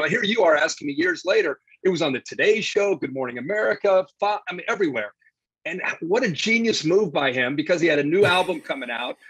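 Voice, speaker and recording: A man telling a lively story as a guest in a casual interview, acting out the quotes he tells. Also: a little high, breathy edge, no echo, lo-fi sound. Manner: animated anecdote-teller, acts out quotes. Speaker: sports broadcaster guest.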